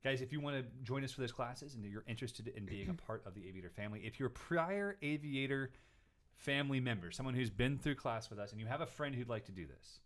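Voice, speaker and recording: Animated man telling a story. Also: fast talker. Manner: animated storytelling, mimics people in high voice. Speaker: host answering viewer questions. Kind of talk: casual chat.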